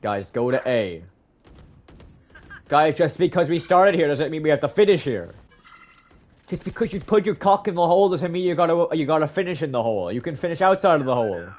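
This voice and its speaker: A male streamer chatting casually during a live competitive shooter game, swearing freely, laughing and breaking into sudden shouts. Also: fairly high pitch, lively intonation, a little fast.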